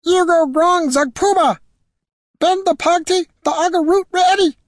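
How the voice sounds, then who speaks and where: A man voicing a tiny excitable male goblin who chatters in shrill gibberish. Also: measured pace, dry recording, clean studio sound. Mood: excited.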